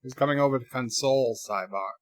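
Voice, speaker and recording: Here a man streams a film for his viewers, reading their chat out loud and tossing in sarcastic, wry remarks between plenty of fillers. He talks briskly at a medium pitch, and the sound is clean studio audio with no echo.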